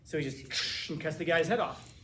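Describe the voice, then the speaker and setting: Male teacher, fairly high voice, loose conversational lecture, echoey classroom with faint hum. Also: normal speed, a crowd in the background. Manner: casual, repeats words when searching for phrasing.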